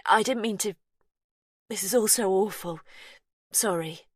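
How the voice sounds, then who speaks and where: A woman's voice: medium pitch, measured pace, husky, no room sound, pitched above the performer's own voice. A woman voicing an anxious young woman.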